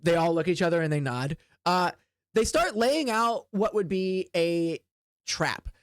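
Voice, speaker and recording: A game master narrates a tabletop game in a loose, rambling way, leaning on fillers as the scene unfolds. The voice sits at a middle pitch and sounds close and dry. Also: lively intonation, a little slow, dry recording. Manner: casual, filler-heavy, rambling.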